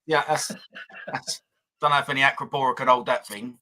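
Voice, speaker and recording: A man's voice: mid-range voice, steady tone, fairly quick, pushed and bright. A man co-hosting a casual live stream, trading teasing banter. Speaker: co-host.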